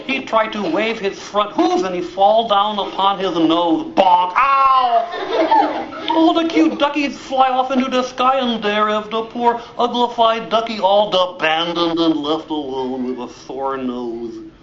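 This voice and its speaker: A man tells a comic fairy tale in mock-broken English and adds his own sound effects. His voice is high and swings widely. The recording is roomy and a bit dull, with faint noise behind. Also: animated, normal speed, fairly bright tone. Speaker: comic storyteller.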